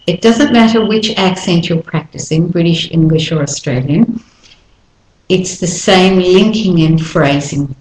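A woman with a lowish voice teaches English pronunciation at an unhurried, careful pace. She says each phrase several times, stressing how the sounds link together. The room adds a noticeable echo. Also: darkish tone. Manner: repeats each phrase slowly, stressing linking. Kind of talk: slow, deliberate lesson with modeled phrases. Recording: roomy echo.

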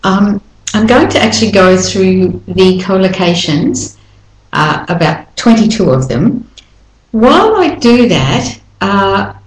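A woman with a lowish voice teaches English pronunciation at an unhurried, careful pace. She says each phrase several times, stressing how the sounds link together. The room adds a noticeable echo. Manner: repeats each phrase slowly, stressing linking. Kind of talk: slow, deliberate lesson with modeled phrases. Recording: roomy echo.

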